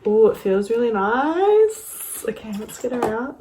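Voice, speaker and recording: A young woman, gushing and gasping with excitement as she unboxes in a casual vlog, sometimes dropping to breathy whispers. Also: fairly high pitch, measured pace, noisy background. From Australia. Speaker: vlogger.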